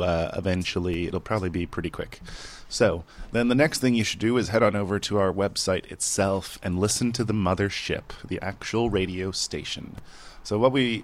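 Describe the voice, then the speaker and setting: A man co-hosting an internet radio show, talking casually and rambling a little, with easy swearing. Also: low-pitched.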